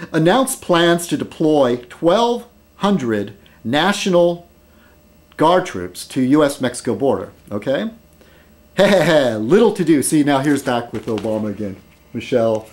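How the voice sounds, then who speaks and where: A middle-aged man vlogging in casual rambling commentary, chuckling at his own jokes and filling pauses with um and uh. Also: mid-range voice, lively intonation, darkish tone.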